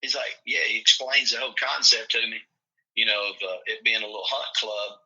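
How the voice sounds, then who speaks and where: Folksy storytelling man, bright lo-fi voice. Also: mid-range voice, a little fast. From Tennessee. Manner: folksy, animated storyteller acting out quotes. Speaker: football coach. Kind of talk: casual storytelling chat.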